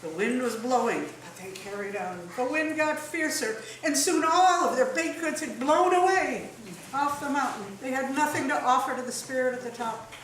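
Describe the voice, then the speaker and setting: A woman telling a folk tale aloud on stage in a lively, expressive way. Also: sits high, normal speed, a little hiss or hum. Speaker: storyteller. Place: live stage in a hall. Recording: echoey hall from far off.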